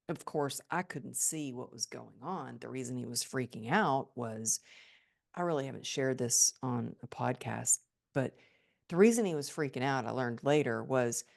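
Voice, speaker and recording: A woman guest on a podcast, telling a personal story in an animated, emphatic way. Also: extremely low pitch, creaky. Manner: animated and emphatic, acts out remembered thoughts.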